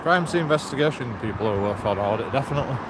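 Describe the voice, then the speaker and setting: A man's voice: mid-range voice, animated, very fast. A man chatting casually as he walks a city street, rambling, swearing and laughing often. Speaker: street vlogger. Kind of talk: casual walking commentary. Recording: loud traffic noise outdoors.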